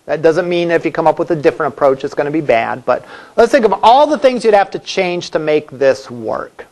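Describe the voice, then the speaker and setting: A man's voice: fairly high pitch, animated, a little fast, a little mellow. A male college instructor giving a classroom lecture in a conversational way, asking the class questions as he goes.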